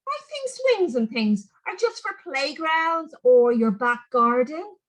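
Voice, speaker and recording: A woman plays a tiny magical hedge sprite in a children's storybook, a little man with a high, bouncing voice. He talks gently and gives kindly warnings. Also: big pitch swings, slow, exaggerated voice. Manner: gentle, cautioning.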